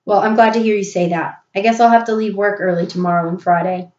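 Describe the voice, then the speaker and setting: A woman voicing a middle-aged mother who talks in a measured way. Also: mid-range voice, fairly even intonation, a little mellow, recorded from a distance, lightly acted. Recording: roomy, dull recording.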